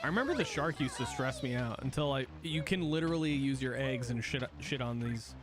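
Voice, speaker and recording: Brisk and medium-pitched, a young man talks through his game stream with music playing behind him. His chat is loose and rambling, full of swearing, and he keeps cutting himself off to start sentences over.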